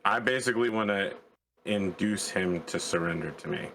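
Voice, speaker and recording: A man's voice: lowish voice, moderate pace, sharp tone, slight background noise, rough recording. A man with an Irish accent, a player casually explaining his moves in a tabletop game.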